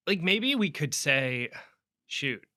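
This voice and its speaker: Bright-voiced man telling a long story. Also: on the high side, big pitch swings, slow pace, no echo, studio quality. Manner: rambling storyteller, restarts, acts out quotes loudly. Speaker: sports reporter guest. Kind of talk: conversational interview.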